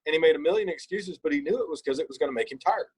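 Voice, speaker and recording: A man, a podcast guest, telling an emphatic, animated story in casual conversation. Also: fairly high pitch, racing, slightly rough, poor audio.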